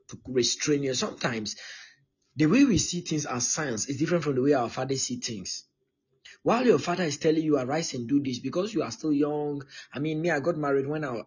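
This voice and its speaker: A breathy, heavily husky male pastor teaches in his thirties, driving his points home by repeating them and asking "okay?" again and again. The sound is dull and lo-fi, like a streamed recording. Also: medium pitch. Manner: emphatic and repetitive, often checking in with "okay?". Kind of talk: live-streamed teaching sermon.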